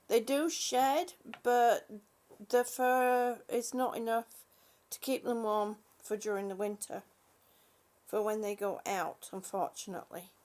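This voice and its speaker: A woman talking casually to her small dog as she dresses it, coaxing and affectionate, often quiet and laughing. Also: fairly high pitch. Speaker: vlogger.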